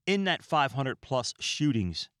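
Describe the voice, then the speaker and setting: A man hosting a podcast, talking in a calm, relaxed, rambling way and often stumbling over his words, recorded in a small room lined with books. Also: medium pitch, slow, no echo, clean studio sound. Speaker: podcast host. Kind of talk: casual podcast monologue.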